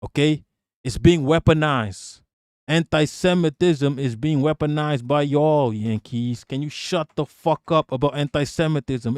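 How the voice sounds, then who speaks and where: A man's voice: fairly high pitch, creaky, no echo, studio quality. A man giving a heated, profane live-stream rant, often repeating words as he pushes on.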